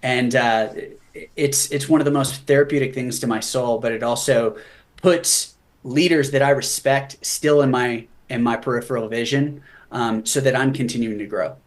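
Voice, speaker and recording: A man's voice: medium pitch, fairly even intonation, moderate pace. A man speaking as an interview guest, telling a personal story in a candid, earnest way with touches of humor. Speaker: guest, veteran author. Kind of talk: conversational storytelling.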